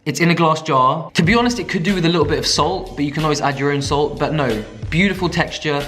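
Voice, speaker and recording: Young male food vlogger, slightly raised pitch, chatty and upbeat, faint music behind. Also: fast talker, fairly bright tone. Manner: chatty, enthusiastic, self-mocking. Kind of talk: casual chat to camera.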